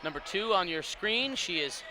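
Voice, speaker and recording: Male color commentator, high voice, rambling emphatic analysis, gym noise clear behind. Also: expressive, normal speed, pushed and bright. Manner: rambling, many restarts and fillers, emphatic analysis. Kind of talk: basketball commentary.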